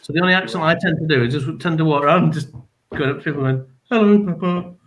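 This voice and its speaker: Slightly high-voiced rambling man. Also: rapid-fire, fairly bright tone. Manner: self-deprecating, rambling. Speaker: comedy panel guest. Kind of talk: casual anecdote.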